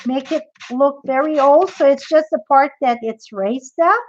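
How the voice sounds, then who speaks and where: A woman's voice: high-pitched, a little slow, dull audio. A woman demonstrating a craft project in a live tutorial, chatty and thinking aloud as she works.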